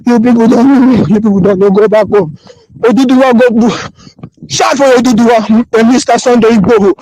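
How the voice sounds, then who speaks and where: High-voiced Nigerian man pleading repetitively. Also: fairly quick, dark tone, dry recording, low-quality recording. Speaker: voice-note sender. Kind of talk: impassioned phone voice note. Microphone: phone voice recording.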